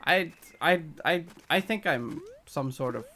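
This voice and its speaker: Man, live game streamer, excitable and competitive, fairly high voice, lively pitch. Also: measured pace, slight background noise. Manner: excitable, competitive, reads dialogue aloud. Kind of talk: live gameplay commentary.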